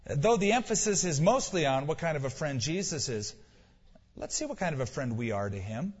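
A man preaching in a church, his voice a little high and swinging widely up and down as he drives his points home. His tone is husky and breathy. The recording is dull and lo-fi, with a long reverb trailing off the hall walls. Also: very animated, fairly quick. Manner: emphatic preaching with rhetorical questions and repeated lines. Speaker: pastor. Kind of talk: sermon.

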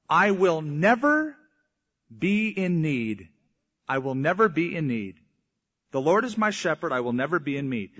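A man's voice: fairly high pitch, a bit bright, husky. A man preaching a sermon, telling a story and voicing the people in it, sometimes in mock old English. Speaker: pastor. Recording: dull lo-fi sound.

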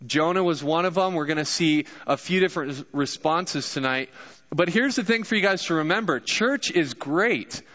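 A man's voice: fairly high pitch, normal speed, bright, forceful tone. A young man giving a casual, joking sermon to a live congregation as a guest pastor. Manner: casual, joking, addresses crowd directly. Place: church hall, live congregation. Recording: dull echoey church hall recording.

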